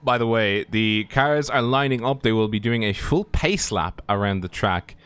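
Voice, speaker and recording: A man's voice: on the low side, moderate pace, fairly bright tone, smooth, no echo. A man co-commentating a sim race broadcast, easygoing and rambling with fillers.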